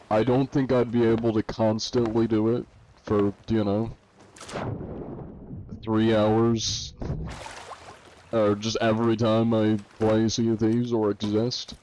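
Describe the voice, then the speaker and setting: A relaxed male streamer chats with his viewers while he plays. His voice is fairly low and mellow, and he laughs easily between loose, unhurried thoughts. A faint background noise sits under the desk-mic recording. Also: muffled recording. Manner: laid-back, laughs often, many fillers. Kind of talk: casual gameplay chat.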